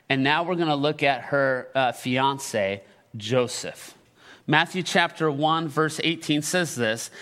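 Passionate high-voiced pastor preaching. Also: male voice, bright, forceful tone. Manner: call-and-response with the congregation. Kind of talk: sermon.

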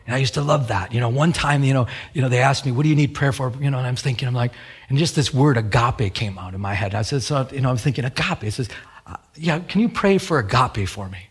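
A middle-aged man, a pastor, preaching a sermon in church with animated storytelling and acted-out quotes. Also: mid-range voice, fast talker, husky. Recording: radio broadcast of a sermon.

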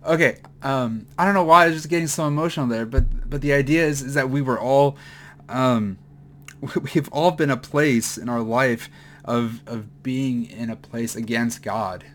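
A man giving a mid-week Bible teaching, halting with many fillers and restarts, at times choked up with emotion. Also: mid-range voice, slight background noise.

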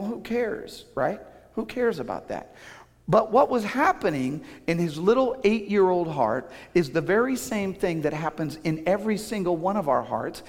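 A middle-aged man preaching a sermon, telling a personal story in a conversational way with frequent restarts. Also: fairly high pitch. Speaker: pastor. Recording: long hall reverb.

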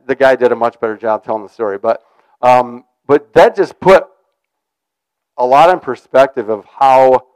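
Male preacher, casual, rambling delivery, smooth resonant tone, dry close sound. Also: medium pitch, a little mellow, no room sound, rough recording. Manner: conversational, rambling with restarts. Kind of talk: informal sermon.

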